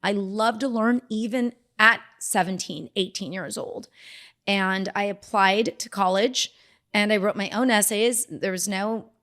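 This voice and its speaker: A middle-aged Southern California woman, a dermatologist appearing as a guest, recounts her life story in a casual interview. She's animated, acting out the voices of people she quotes, with a medium pitch and a measured pace.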